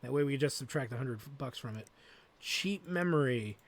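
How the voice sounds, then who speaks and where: A man's voice: mid-range voice, animated, normal speed. A man hosting a let's play, thinking aloud as he plays and swearing freely. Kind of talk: gameplay commentary.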